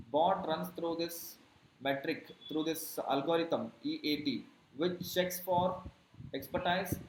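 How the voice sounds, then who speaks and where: A man's voice: on the high side, echoey room, a little hiss or hum, rough recording. A man teaching digital marketing in a classroom, explaining through rhetorical questions and frequent checks like "correct?". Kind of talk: classroom lecture.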